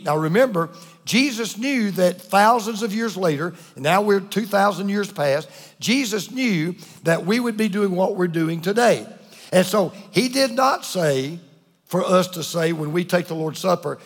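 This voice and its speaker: A man preaching a sermon to his congregation. He speaks earnestly, repeats phrases for emphasis, and drops to a hush on the key words. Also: high-pitched, animated, a little slow, long reverb tail. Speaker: pastor. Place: church.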